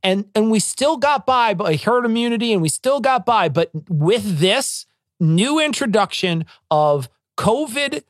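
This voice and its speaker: Animated, profane storyteller. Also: medium pitch, a little slow, no room sound, studio quality. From Illinois. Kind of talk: casual chat.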